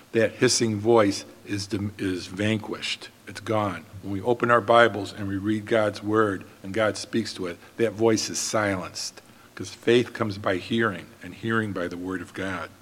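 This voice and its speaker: A man preaching a sermon as pastor, in an earnest, steady manner. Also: lowish voice, long reverb tail.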